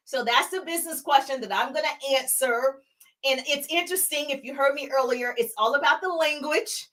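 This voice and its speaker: A woman's voice: high-pitched, fairly quick, fairly bright tone. A woman with a Southern accent from Georgia hosting a live business Q&A stream, greeting viewers in a bubbly, sing-song way before teaching.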